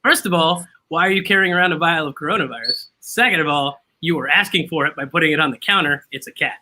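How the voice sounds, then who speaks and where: A man's voice: fairly high pitch, quick pace, bright, forceful tone, slight background noise, rough recording. A man hosting a casual chat over drinks, laughing often and making fun of himself. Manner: laughs often, self-mocking.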